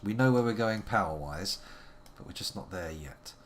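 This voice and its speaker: A man's voice: deep voice, animated, normal speed, slight background noise. A man giving playful, wordy live commentary on a game he is playing, making theatrical asides to his chat. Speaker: live-streaming game player.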